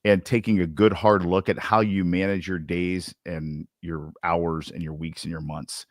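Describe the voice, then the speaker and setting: Low-voiced, loose-talking podcast host man. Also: measured pace, dry recording, studio quality. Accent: Southern Indiana. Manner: loose, animated, with slang and many restarts. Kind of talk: casual sales podcast chat.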